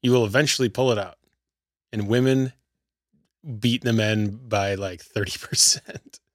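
A man's voice: on the low side, steady tone, unhurried, no echo, clean studio sound. A man co-hosting a podcast, chatting loosely and leaning on fillers like "you know.". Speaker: podcast co-host. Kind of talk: casual chat.

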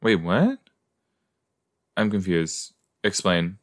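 Slow, deep-voiced man reacting casually. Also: sing-song. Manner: reactive, exclaiming, groans of disgust. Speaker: podcast host. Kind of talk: casual watch-along reaction chat.

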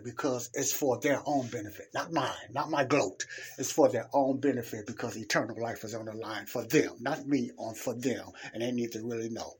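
A husky-voiced man delivering an informal sermon on his own podcast. He talks earnestly and emphatically, hammering points home by repeating them. His pitch sits in a middle range. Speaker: podcast preacher. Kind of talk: informal preaching monologue.

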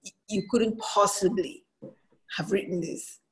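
A woman podcast host and former lawyer asking engaged, probing questions in a quick conversational way. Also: mid-range voice, fairly even intonation. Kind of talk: conversational interview.

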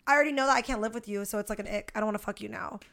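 A woman's voice: mid-range voice, very fast, creaky, a bit bright. A young woman co-hosting a podcast in casual chat, talking bluntly and frankly with a lot of swearing. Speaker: podcast co-host.

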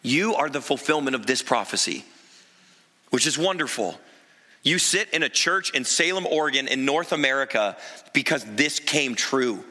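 Bright-voiced male pastor preaching in a reverberant church. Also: mid-range voice, normal speed. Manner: animated storytelling with emphatic asides. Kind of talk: sermon. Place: church sanctuary. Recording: long reverb of a large church hall.

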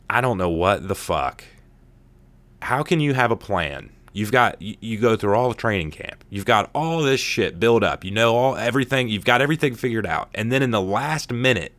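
A man's voice: lowish voice, fairly bright tone, dry recording. A man hosting a casual sports podcast, ranting and swearing in exasperation. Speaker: podcast host.

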